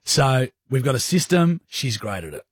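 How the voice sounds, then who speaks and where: A man's voice: medium pitch, sing-song, normal speed, husky, no room sound, studio quality. A man with an Australian accent, a radio host rambling through a story in casual, crude, self-deprecating banter. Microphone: studio microphone.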